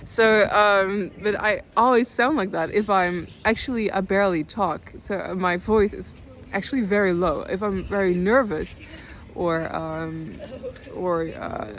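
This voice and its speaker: Slight background noise sits behind a young Dutch woman, twenties, who halts through a personal video diary. Her delivery is subdued and calm, broken by frequent pauses and restarts, and she often sounds on the verge of crying.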